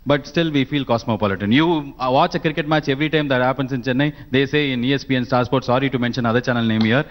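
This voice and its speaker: Fast, jokey male panelist who rambles as he talks. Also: mid-range voice, lo-fi sound. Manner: rambling, comic, restarts. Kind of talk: joking panel answer.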